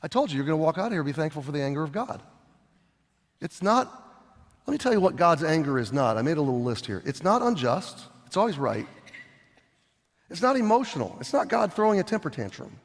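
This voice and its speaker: A middle-aged male pastor preaching a sermon, animated, swinging between loud and soft as he acts out scenes. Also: on the high side, a little fast. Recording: long hall reverb.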